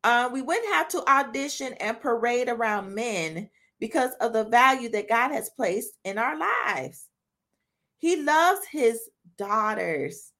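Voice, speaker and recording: A woman's voice: a little high, expressive, unhurried, sharp tone. A woman hosting a podcast who gives a casual devotional talk to women. She speaks earnestly and conversationally, and often ends sentences with "right?" and "you know?". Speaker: podcast host.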